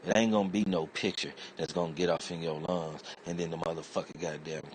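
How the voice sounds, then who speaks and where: Fairly quick and fairly even in intonation, an internet comedian talks from low in his chest through a loose, cursing comic rant. He meanders offhandedly in a streetwise way, and there is a faint hum of noise behind him.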